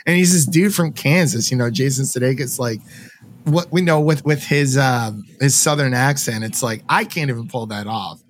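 A man's voice: medium pitch, normal speed, a little hiss or hum. A man hosting a podcast, chatting casually and enthusiastically, rambling with lots of "like" and quoted asides. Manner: rambling, enthusiastic, heavy use of "like". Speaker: podcast host. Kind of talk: casual chat.

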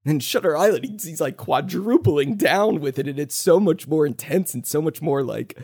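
Animated man chatting about movies. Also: on the high side, gravelly, slightly rough. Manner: animated, swearing, quick asides. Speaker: podcast host. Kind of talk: casual movie review chat.

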